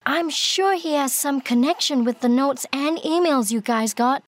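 A man voicing an emotional teenage girl in a storybook reading, in a pleading high falsetto. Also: unhurried, a bit bright, no room sound. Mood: urgent.

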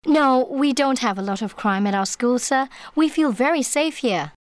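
A man's voice: extremely high pitch, lively intonation, normal speed, no echo, clean studio sound, voice pushed up. A man voicing an outspoken teenage schoolgirl in an audiobook, with a blunt, eager manner. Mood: guarded. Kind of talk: audiobook character voice.

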